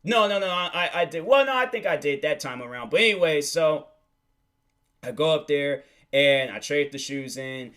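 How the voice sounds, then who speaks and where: A man's voice: on the high side, expressive, moderate pace, sharp tone, smooth. A young man hosting a casual solo podcast, rambling with lots of fillers and restarts. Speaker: podcast host.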